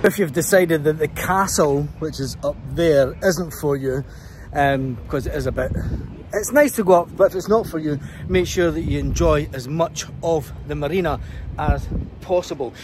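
A man's voice: on the high side, moderate pace, darkish tone. A Scottish man giving a chatty walking tour of a castle, out of breath from the climb uphill. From Scotland. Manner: chatty, pointing things out while walking uphill. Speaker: travel vlogger. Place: outdoors on a hilltop castle. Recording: outdoor vlog with clear background noise.

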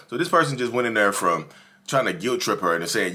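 A man with a fairly low but bright, forceful voice talks straight to his viewers in casual commentary. He is animated and emphatic and often repeats words for weight. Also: a little fast. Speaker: YouTube commentator.

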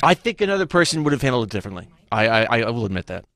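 A man's voice: medium pitch, sing-song, racing, a bit bright. A man co-hosting a radio talk show, sheepishly defending himself against teasing. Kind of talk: crude comedic radio banter.

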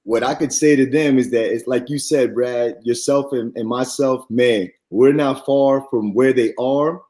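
A man guest on a podcast, earnestly telling a faith-centered personal testimony, animated and rising high when he quotes others. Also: measured pace.

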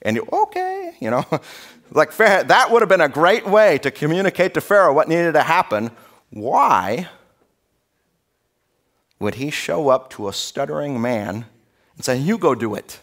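A man preaching a sermon as pastor in a church, in a conversational, animated storytelling way. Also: a little high, a little slow, long pauses. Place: church sanctuary.

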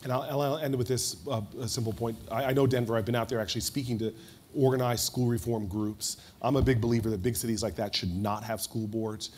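Fast-talking man on a conference panel. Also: medium pitch. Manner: rapid and animated, with quick restarts. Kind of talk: panel discussion storytelling. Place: stage at a conference before an audience.

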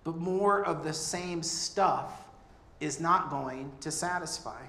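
Earnest, conversational pastor in an echoey room. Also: male voice, on the high side, takes it slowly, bright, forceful tone. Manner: conversational, earnest, with humorous asides. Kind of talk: sermon. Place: church.

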